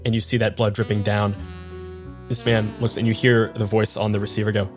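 Casual game master narrating a scene. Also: male voice, lowish voice, little pitch movement, a little fast, soft background music. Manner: vivid, casual, many fillers.

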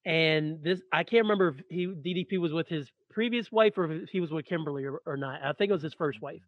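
A man co-hosting a podcast, telling a story in a relaxed, chatty way with side remarks. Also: on the high side, no echo. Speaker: podcast co-host. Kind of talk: casual storytelling chat. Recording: muffled, lo-fi sound.

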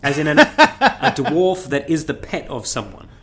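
A man co-hosting a comedy podcast, dropping wry, deadpan quips. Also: fairly high pitch, measured pace. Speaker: podcast co-host. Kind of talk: casual comedy podcast chat.

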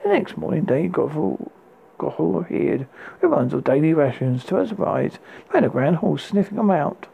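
A man reads a dark fairy tale aloud, stumbling over words and restarting lines. His voice is gravelly and husky, a little high for a man. The recording is tinny and phone-like. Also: sing-song. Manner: halting read with restarts. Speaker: audiobook narrator.

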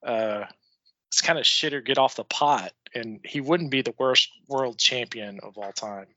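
A man's voice: medium pitch, measured pace, sharp tone, no room sound, dull audio. A young man co-hosting a casual podcast, opinionated and profane, often chuckling. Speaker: podcast co-host.

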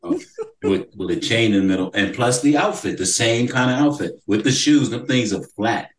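A man chatting casually on a podcast, reminiscing in a relaxed way. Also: mid-range voice, normal speed. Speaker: podcast guest. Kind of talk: casual chat. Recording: roomy and distant from the mic.

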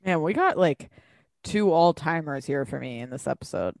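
Animated, profane woman co-host, low voice. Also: normal speed, vocal fry, dry recording, studio quality. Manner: animated, profane, laughs often. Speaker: podcast co-host. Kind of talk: casual chat.

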